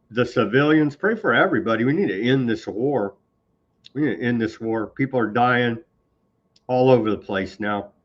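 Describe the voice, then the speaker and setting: A male host talks through news posts with biting sarcasm and open indignation. His voice sits in an ordinary mid range. The recording sounds a bit dull and lo-fi. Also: mid-range voice. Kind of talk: live commentary on news clips.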